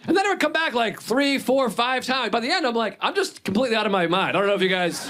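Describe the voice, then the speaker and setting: A man's voice: very high voice, expressive, fast talker, hardly any pauses, crowd noise. A man in his thirties doing a wry, conversational stand-up set, acting out his own lines. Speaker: stand-up comedian. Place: comedy club stage. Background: audience laughing.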